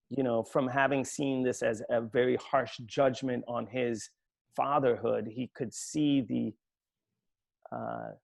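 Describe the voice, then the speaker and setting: Gravelly-voiced man telling a family story. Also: medium pitch, a little mellow. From Sweden. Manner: reflective, halting, with many restarts. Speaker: author. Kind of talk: anecdotal storytelling at an online book talk.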